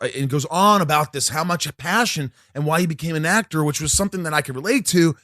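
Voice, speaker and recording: A man's voice: on the high side, quick pace, few pauses, dry recording, clean studio sound. A man telling long anecdotes in a casual chat, stammering, repeating himself and talking himself down. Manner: rambling, animated, self-deprecating, stammers and repeats.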